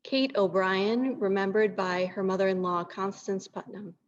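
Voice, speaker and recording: A woman announcing each memorial remembrance in a measured, formal way, on a dull lo-fi recording. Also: medium pitch, steady tone. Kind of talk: read announcements.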